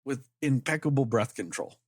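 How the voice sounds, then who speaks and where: Husky man ranting heatedly. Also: medium pitch, animated, normal speed, dry recording, studio quality. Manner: heated, profane, emphatic ranting. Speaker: podcast co-host. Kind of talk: casual podcast chat.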